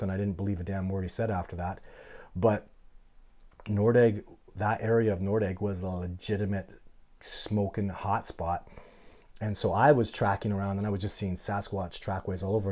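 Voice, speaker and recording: A middle-aged man hosting a casual live Q&A, telling stories in an animated, blunt, plainspoken way. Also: lowish voice. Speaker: host of a livestream Q&A.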